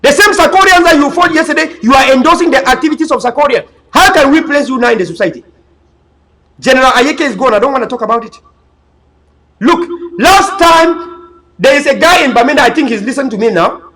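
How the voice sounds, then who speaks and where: Here a man's extremely high voice sounds pushed and bright as he speaks a little fast, with lively intonation. A political commentator, he preaches emphatically and repetitively in an impassioned talk, often stumbling and restarting with a stammer, all on a rough recording.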